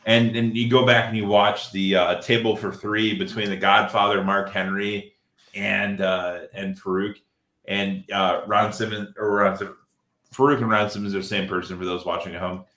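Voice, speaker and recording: Deep-ish bright man on a podcast, stop-start delivery, roomy sound. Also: flat delivery. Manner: halting, many filler pauses. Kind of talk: casual podcast chat. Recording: roomy echo.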